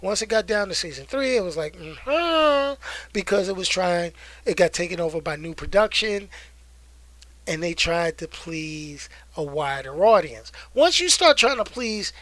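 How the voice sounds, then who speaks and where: A young adult man hosting a casual live stream, animated and hyped, slangy and talkative. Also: high voice, moderate pace, no echo. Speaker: host.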